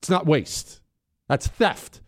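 Emphatic talk radio host. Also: male voice, takes it slowly. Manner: emphatic, sarcastic, swings between loud mockery and low intensity.

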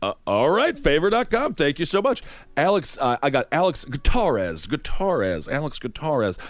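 A man's voice: fairly high pitch, very animated, moderate pace, dry recording. A man with a Midwestern accent hosting a podcast, reading supporter names with playful banter. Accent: Midwestern American. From Wisconsin. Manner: playful, jokey. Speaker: podcast host.

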